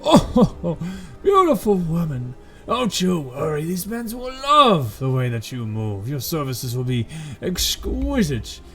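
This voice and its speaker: A man voicing a fawning male slaver who smooth-talks a woman with oily flattery, in a tabletop game. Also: a little high, takes it slowly, hardly any pauses, soft background music, pitched above the performer's own voice, exaggerated voice.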